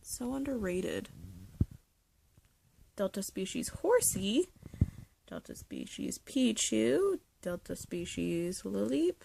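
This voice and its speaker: Chatty young woman with a gravelly edge. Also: mid-range voice, huge pitch swings, slow, long pauses, slight background noise. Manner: chatty, nostalgic, drifting into soft whispers. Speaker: vlogger showing a card collection. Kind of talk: casual chat. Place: bedroom.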